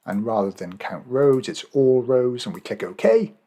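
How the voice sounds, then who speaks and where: A man's voice: mid-range voice, expressive, unhurried, dark tone. An Australian man walking viewers through a spreadsheet task in a casual screen-recorded tutorial, thinking aloud with fillers and self-corrections. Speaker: Excel and Power BI trainer.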